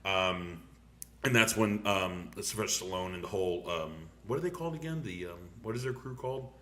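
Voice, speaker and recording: An excitable young man chatting casually as a podcast host, his voice bright and forceful. He swears freely and breaks into laughter as he rattles on. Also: on the low side, a little fast. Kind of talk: casual movie review chat.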